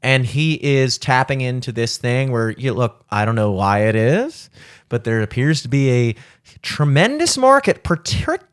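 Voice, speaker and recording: A man's voice: medium pitch, very animated, measured pace, clear, resonant tone. A young man hosting a podcast, rambling in casual chat with many filler words and frequent swearing. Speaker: podcast host.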